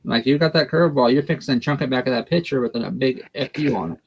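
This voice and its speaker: A man's voice: medium pitch, fast. A man who reads tarot in a blunt, folksy, encouraging way. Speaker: guest tarot reader. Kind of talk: casual chat and tarot reading.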